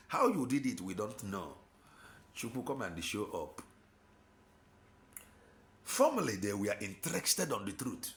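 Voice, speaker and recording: A man's voice: lowish voice, sing-song, unhurried, long pauses. A man with an Igbo Nigerian accent preaching an impassioned sermon, exhorting with rhetorical questions and slipping in and out of Igbo.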